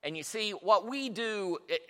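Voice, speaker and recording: This man's voice sits high, with lively intonation, a measured pace and a fairly bright tone. He's a pastor delivering a sermon in a church hall, recounting Bible stories impassionedly and repeating himself often, all under the long reverb of a big space.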